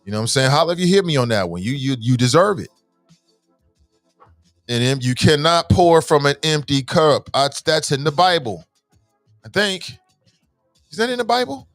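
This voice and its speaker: A man hosting a morning talk show, talking to listeners in an animated, preachy, slangy way and swearing freely. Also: a little high, normal speed, long pauses, no room sound, faint music behind.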